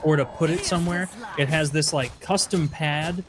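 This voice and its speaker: A man's voice: on the high side, normal speed. A young adult man hosting a podcast, chatting casually and rambling with lots of fillers. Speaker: podcast host. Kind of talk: casual chat.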